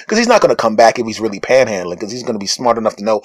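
Racing along with hardly any pauses, a male podcast host recounts a comic tale of being judged, recorded on a phone with no echo. He animatedly plays the other characters in high, mocking voices.

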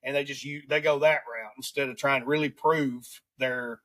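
A man's voice: mid-range voice, steady tone, fairly bright tone. A man from Alabama with a Southern accent, hosting a casual podcast chat and rambling through his points with frequent restarts. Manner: rambling, restarts often, drawn-out emphasis. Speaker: podcast host.

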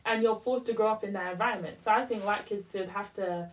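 A woman's voice: medium pitch, fast, distant mic, rough recording. A young woman in casual podcast chat, speaking passionately and heating up into a rant. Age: young adult. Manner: impassioned, rising to a heated rant. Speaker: podcast co-host.

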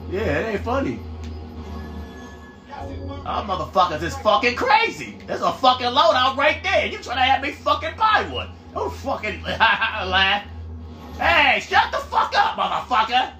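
A man streaming a game live, commenting loudly and profanely and trash-talking his teammates in excited bursts. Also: very high voice, measured pace, echoey room, soft background music.

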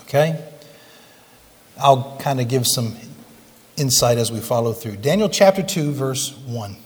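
In a church sanctuary lined with pews, a pastor preaches a conversational sermon, posing questions to his congregation as he goes. His medium-pitched voice is animated, measured, and somewhat dark in tone, with a big-room sound.

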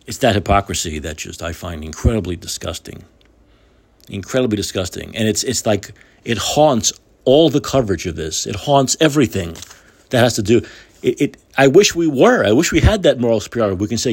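A man's voice: fairly low pitch, expressive, fairly quick, breathy edge. A man hosting his own talk show, delivering heated, indignant political commentary with repeated phrases. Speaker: podcast host.

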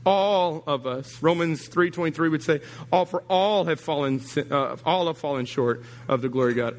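Animated preaching man, higher voice. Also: normal speed, few pauses, in a large hall. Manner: animated, teasing, swings from low and quiet to high and emphatic. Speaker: pastor. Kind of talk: sermon.

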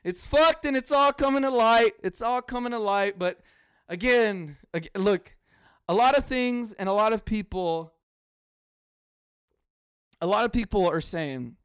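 A podcast host goes on a casual solo rant, his voice high and smooth, cursing freely. He shifts from loud mock outrage to quiet muttered asides and chuckles at his own jokes, and the close mic leaves the sound dry with no room sound.

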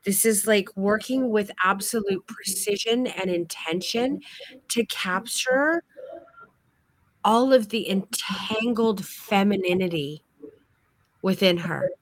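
A woman's voice: medium pitch, takes it slowly, no echo. Brief: woman instructor, effusive and gushing, live-stream critique, close dry mic. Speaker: photography course instructor.

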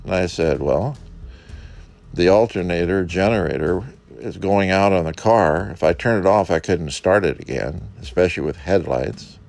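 Male park ranger recounting a story and voicing everyone in it, with a gravelly fry. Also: deep voice, moderate pace, a little mellow. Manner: acts out the dialogue, quoting each speaker. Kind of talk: telling a personal anecdote.

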